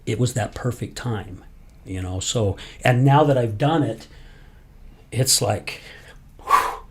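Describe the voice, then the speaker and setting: A man's voice: mid-range voice, slow, a little hiss or hum. Candid, salty-mouthed male podcast host. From Utah. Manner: emotional, blunt and profane.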